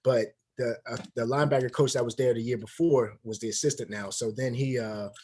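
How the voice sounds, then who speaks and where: A man's voice: medium pitch, fairly quick, a little hiss or hum. A man in his thirties, a former football player, telling stories in a casual interview and acting out the dialogue. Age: 30s. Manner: animated storyteller, acts out quoted dialogue.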